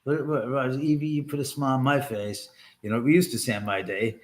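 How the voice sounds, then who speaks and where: A man's voice: mid-range voice, steady tone, a little fast. A man hosting a casual livestream from his home, rambling and joking crudely with viewers and laughing often. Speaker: livestream host.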